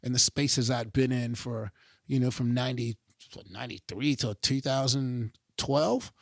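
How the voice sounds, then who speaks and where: A middle-aged man talking casually as a podcast guest, emphatic and animated, swearing freely and often checking in with his listener. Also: medium pitch, a little slow, vocal fry, dry recording, clean studio sound. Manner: animated, emphatic, swears freely, keeps asking "you know what I mean". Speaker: podcast guest, pro skateboarder. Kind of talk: casual interview chat.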